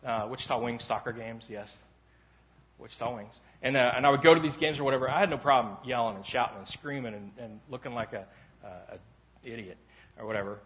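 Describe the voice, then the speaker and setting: Speaking fairly quickly in a mid-range voice, a man preaches a conversational sermon in a church sanctuary. He's a pastor whose casual, rambling, self-deprecating stories erupt now and then into loud shouts.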